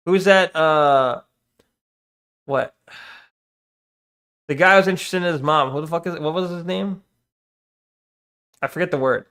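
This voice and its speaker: A man's voice: fairly high pitch, a little slow, pauses often, fairly bright tone, smooth. A young man streaming, chatting casually and rambling with a profane, joking manner as he reads his chat.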